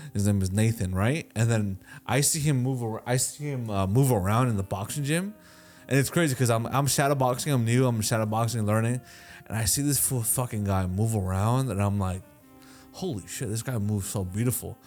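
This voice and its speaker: A man co-hosting a podcast, talking in a relaxed, rambling way with many restarts. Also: medium pitch. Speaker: podcast co-host. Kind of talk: casual chat.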